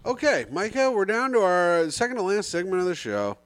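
A man co-hosting a comedy podcast, joking in a deadpan, mock-insulting way. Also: high-pitched, brisk, dry recording. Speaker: podcast co-host. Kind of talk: casual comedy podcast chat.

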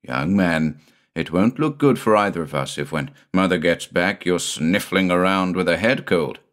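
A stern but kindly country doctor, brisk when he scolds his small son and teasing the rest of the time, as a man reading aloud plays him. His voice is low, but his delivery rises and falls with lively emphasis.

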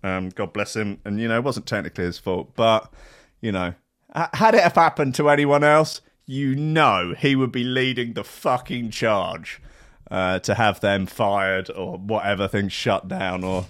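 A man's voice: lowish voice, measured pace, a bit bright, no room sound, studio quality. A man hosting a casual streamed podcast, rambling and sweary, with a mocking manner. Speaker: podcast host. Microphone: headphones and desk mic.

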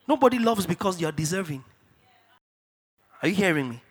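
Husky high-voiced African preacher. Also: male voice, sing-song, fairly quick, pauses often. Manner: emphatic preaching that swings from hushed asides to shouted declarations; repeats key phrases for stress. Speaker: pastor. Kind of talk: sermon. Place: church.

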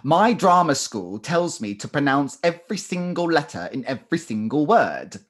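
A man's voice: on the high side, very animated, moderate pace, fairly bright tone. A man co-hosting a podcast, chatting casually and joking about a TV show. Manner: jokey, chatty, laughs often. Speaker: podcast co-host. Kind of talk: casual chat.

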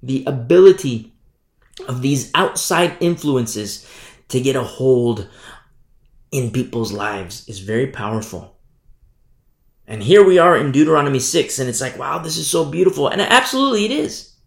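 A man preaching in an echoey church hall, his mid-pitched voice gravelly with fry. He speaks emphatically, circling back to points and checking in with his listeners. The room's reverb hangs on each phrase. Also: animated, normal speed. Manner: emphatic, repeats "you see?". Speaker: pastor. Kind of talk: sermon. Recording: echoey room.

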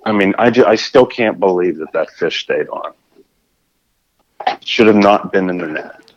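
A guest with a lower-pitched voice tells a fishing story in casual conversation at normal speed, animated and prone to tripping over his own restarts. The recording is dull and lo-fi, with the top end rolled off.

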